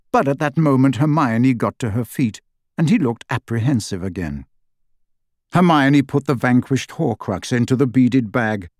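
A man narrating an audiobook in an expressive, varied reading. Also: mid-range voice, no echo, studio quality. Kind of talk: scripted narration.

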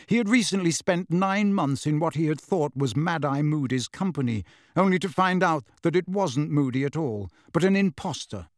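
A man reads a storybook aloud with a lively, expressive delivery. His voice sits a little high and moves freely. The recording is dry and close. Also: normal speed, no room sound. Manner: dramatic, expressive reading. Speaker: audiobook narrator.

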